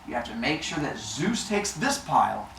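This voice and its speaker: Sly trickster god, put on by a man; coaxing and conspiratorial, lively, distant and roomy. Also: medium pitch, moderate pace, gravelly, a little hiss or hum. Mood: scheming. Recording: echoey room, voice from a distance.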